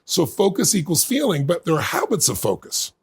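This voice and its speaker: A middle-aged man being interviewed, telling a personal story in earnest and building to bursts of excitement. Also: a little high, brisk. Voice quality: gravelly, husky. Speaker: guest.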